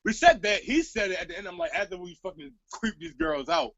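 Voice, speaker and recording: A man with a high, lively voice spins a profane story in casual chat, often laughing as he talks. His tone is bright and sharp. The sound is dry and a little muffled. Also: brisk, vocal fry, no echo.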